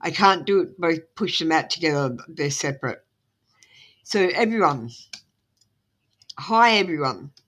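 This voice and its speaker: A woman's voice: deep voice, animated, unhurried, pauses often, fairly bright tone. An Australian woman on a live stream giving tarot readings, talking in a rambling, apologetic way with lots of ums. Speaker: tarot reader. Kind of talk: casual live-stream chat.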